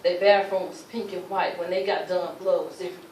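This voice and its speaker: A woman giving an emotional personal testimony at a luncheon, telling her story in animated, informal speech and acting out what people said. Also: on the low side, a little fast, a little hiss or hum. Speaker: speaker sharing a personal testimony. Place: luncheon event room. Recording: roomy, distant mic, faint ambience.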